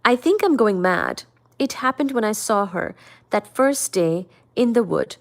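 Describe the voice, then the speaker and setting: A woman's voice: medium pitch, normal speed, close to an everyday voice. A woman voicing a troubled, apologetic young man in a novel read aloud, in an earnest, emotional manner. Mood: distraught.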